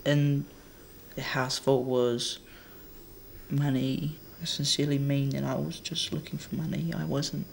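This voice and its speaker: A man's voice: medium pitch, level tone, a little slow, gravelly, slight background noise. A man, apologising in a hesitant, stammering way. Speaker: young offender. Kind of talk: halting apology.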